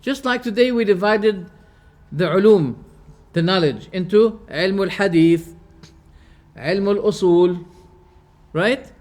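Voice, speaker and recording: This religious teacher lectures his class slowly, pausing often, in a high-sitting, darkish male voice. He restates every term in plain words and tosses rhetorical questions at his listeners.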